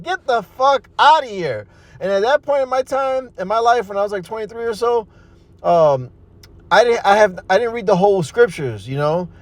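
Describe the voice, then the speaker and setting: High-voiced, forceful man street preaching. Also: no echo. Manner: forceful, profane, repeats "man" and "you see". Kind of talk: street preaching and personal testimony.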